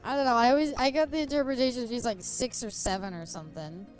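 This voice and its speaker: A woman's voice: on the high side, fast talker, faint music behind. Giggly, chatty young woman streamer. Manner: giggly, chatty, swears freely. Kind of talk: casual chat while playing.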